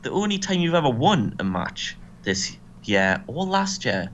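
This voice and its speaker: A man's voice: a little high, sing-song, unhurried, fairly bright tone, muffled recording, slight background noise. A man doing a smug taunting wrestler. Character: cocky male heavyweight wrestler taunting a rival.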